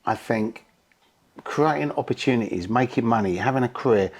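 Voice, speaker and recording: A man's voice: mid-range voice, moderate pace, darkish tone, breathy edge. A middle-aged man hosting a podcast, chatting casually, blunt and emphatic with casual swearing. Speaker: podcast host.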